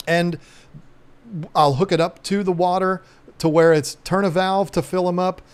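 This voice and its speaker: A man's voice: high-pitched, steady tone, normal speed, smooth. Folksy man chatting on a live stream. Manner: rambling, folksy, lots of ums. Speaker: aquarium channel host. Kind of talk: casual live-stream chat.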